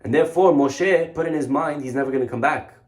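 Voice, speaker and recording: Animated rabbi with a high voice. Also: male voice, quick pace. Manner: storytelling with dramatic voices, mocking. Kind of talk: animated sermon.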